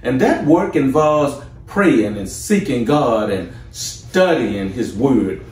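A man preaching a sermon as pastor, slow and deliberate with rising emphasis. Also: medium pitch, animated, a little mellow, reverberant, far from the mic.

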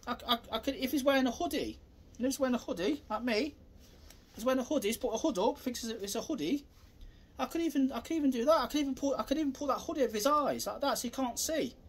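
Rambling, animated self-defence man. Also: extremely high pitch, quick pace. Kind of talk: casual demonstration to camera.

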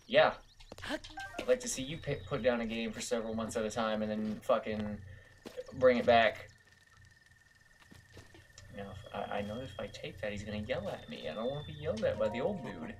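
A man's voice: on the low side, animated, moderate pace, pauses often, faint music behind. Swearing young man commenting on gameplay. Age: young adult. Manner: casual, self-mocking, swears often. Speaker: gaming video host.

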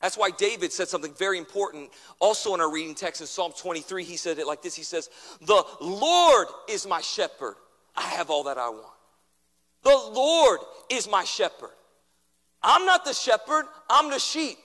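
A man preaching a sermon as pastor, building through repeated refrains and dropping suddenly to a hush. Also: high voice, expressive, brisk, in a large hall.

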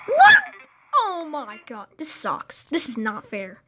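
A woman playing a mobile game, commenting casually and excitably with sudden shrieks and giggles. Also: sits high, takes it slowly, heavy background noise.

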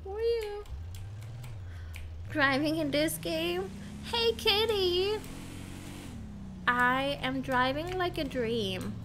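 A woman's voice: high-pitched, expressive, slow, pauses often, noisy background. A woman streamer giving playful, casual commentary while playing a game, swearing and chatting with viewers.

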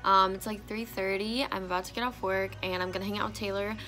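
A woman's voice: mid-range voice, fairly even intonation, fast talker, sharp tone. A tired woman vlogging in casual chat, laid-back, swearing freely and trailing off mid-sentence. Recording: echoey room with faint noise.

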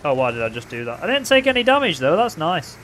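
A young man casually commentating his own racing game, playful and excitable, with loud bursts of trash talk. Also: on the high side, quick pace, slight background noise. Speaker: gaming commentator.

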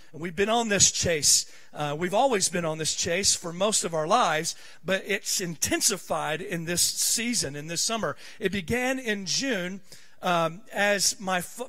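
Preaching in a church sanctuary, a middle-aged pastor speaks in a voice that sits high with a fairly bright tone. He shares personal stories conversationally, building until the sermon turns fervent.

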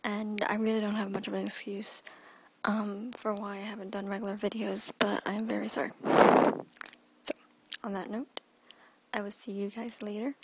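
A rambling teenage girl talks casually into a phone held at arm's length in her bedroom, often slipping into a whisper. Her pitch sits in the middle, and a faint hiss of noise runs underneath. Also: level tone, moderate pace, low-quality recording. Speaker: vlogger. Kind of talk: casual daily vlog.

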